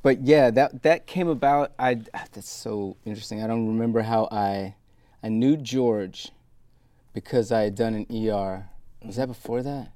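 A man from the United States, a guest actor, chatting casually in an interview and telling relaxed stories with frequent laughs. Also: on the low side, moderate pace, dry recording.

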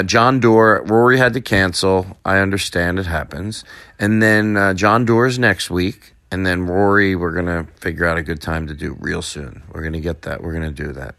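A man giving a relaxed, rambling sign-off as host of a show. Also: lowish voice, no echo. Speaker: podcast host.

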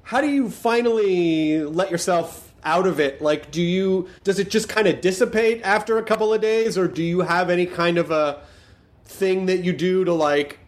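A man with a high voice hosts a relaxed podcast conversation. He asks reflective, probing questions in a casual way. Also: moderate pace. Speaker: podcast host. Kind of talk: casual interview chat.

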